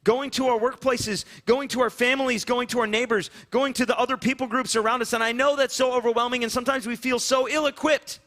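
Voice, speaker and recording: A man preaching from the pulpit in a high, bright, ringing voice. He speaks as a pastor, piling up phrases in an earnest, repetitive, pleading rhythm. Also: steady tone, brisk, hardly any pauses. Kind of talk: sermon. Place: church sanctuary, also streamed online.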